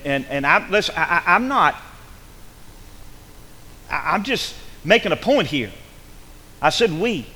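A man preaching a sermon with emphatic delivery, repeating words and swinging from loud bursts to hushed tones. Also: fairly high pitch. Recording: hall reverb.

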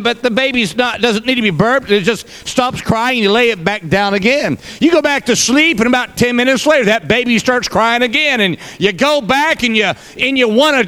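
A man's voice: extremely high pitch, sharp tone. A male pastor preaching a sermon, folksy, with joking asides to the congregation.

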